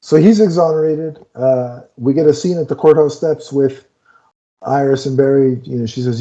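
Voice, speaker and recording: A man's voice: medium pitch, normal speed, mellow, dull audio. A man co-hosting a casual film review, retelling scenes with lots of restarts and fillers. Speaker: podcast co-host reviewing a film.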